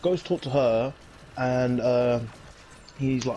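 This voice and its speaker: A man's voice: medium pitch, slow, long pauses, mellow. Young guy rambling through a show recap, loads of slang, bit of hiss behind him. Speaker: reviewer. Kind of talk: casual chat.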